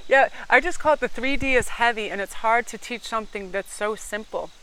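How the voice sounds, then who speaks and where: A middle-aged woman giving a pick-a-card tarot reading, talking rapidly and energetically with casual swearing. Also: fairly high pitch, bright, forceful tone, clean tone. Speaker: tarot reader.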